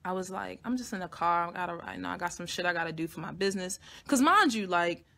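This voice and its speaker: A young woman vlogger telling a personal story to her audience in a blunt, profane, animated way. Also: on the low side, fast talker, gravelly. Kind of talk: casual storytelling to camera.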